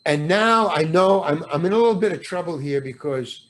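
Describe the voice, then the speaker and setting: An older man, an actor guest in a podcast interview, telling an anecdote with animated storytelling, acting out the voices of the people he quotes and swearing freely. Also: a little high, moderate pace, a crowd in the background.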